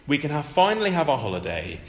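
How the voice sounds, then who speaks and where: A man's voice: very high voice, very animated, measured pace, fairly bright tone, roomy sound, in a large hall, pitched above the performer's own voice, exaggerated voice. A man voicing exasperated, grumbling male disciples in a sarcastic, incredulous, complaining tone.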